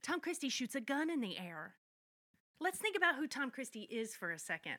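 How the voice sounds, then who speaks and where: A woman co-hosting a casual podcast, narrating plot points with wry, blunt humor and the odd curse. Her voice sits a bit high and sounds bright and forceful. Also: sing-song, fairly quick. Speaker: podcast co-host. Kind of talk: casual chat.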